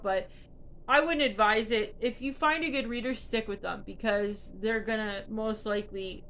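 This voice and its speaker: A tarot reader with a slightly bright, higher-pitched voice speaks earnestly and encouragingly over slight background noise. She explains a card's meaning, then chats casually about her spiritual journey, using lots of fillers.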